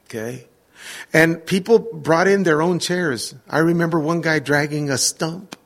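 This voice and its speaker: A middle-aged man preaching, telling an animated personal story in a sermon and acting out the voices of the people in it. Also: a little high, a little slow, gravelly. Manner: animated anecdotes with quoted voices and laughter.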